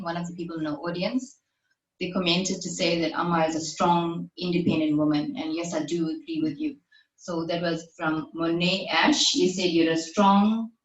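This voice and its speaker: A woman hosting a live-stream interview, speaking gently and explaining to the audience. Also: lowish voice, muffled recording. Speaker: podcast host. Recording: echoey sound, distant from the mic.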